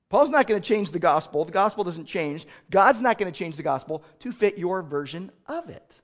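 A man preaching a sermon as pastor, swinging from loud outrage to quiet explanation. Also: sits high, lively intonation, moderate pace, hardly any pauses.

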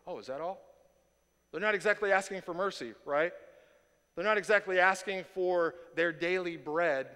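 A pastor delivers a sermon with animated energy, often doubling back on his words as he pushes a point. His voice sits a little high for a man. The sound rings with the long reverb of a church hall. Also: moderate pace. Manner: animated, repeats words when excited, self-correcting.

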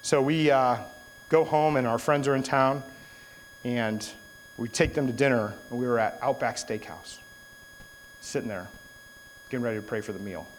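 A man's voice: medium pitch, normal speed, long pauses, a little hiss or hum, low-quality recording. A young adult man giving a sermon, telling a story in a casual way and then turning it into an earnest exhortation. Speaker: preacher.

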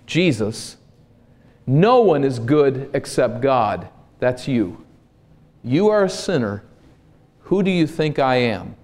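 Male pastor from Minnesota, unhurried sermon delivery with rising emphasis. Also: fairly high pitch. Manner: slow, deliberate preaching that rises to loud emphasis.

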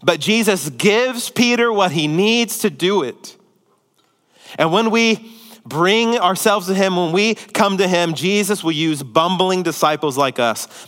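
A male pastor preaching a sermon, swinging from emphatic peaks to hushed, near-whispered passages and asking rhetorical questions. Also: on the high side, normal speed, big-room sound.

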